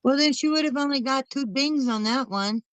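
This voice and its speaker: A woman's voice: sits high, normal speed, no echo, poor audio. A woman co-hosting a casual chat, rambling through long stories and speaking bluntly with casual swearing. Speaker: channel co-host.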